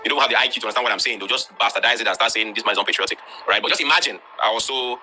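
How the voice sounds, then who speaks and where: A man with a Nigerian accent hosting an online class, lecturing students bluntly and forcefully, with lots of rhetorical questions. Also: medium pitch, racing, soft background music. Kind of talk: live-streamed talk to students.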